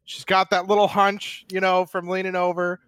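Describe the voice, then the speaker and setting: A high-voiced man tells a rambling story, animated, swearing and laughing as he goes. His voice is dry and close, with no room around it. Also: normal speed, clear, resonant tone, dry recording. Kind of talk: casual storytelling.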